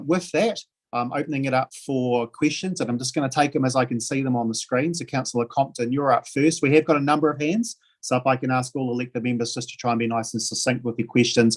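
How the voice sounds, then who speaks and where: A man with a New Zealand accent chairing a council meeting, speaking haltingly with many fillers and restarts. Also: mid-range voice.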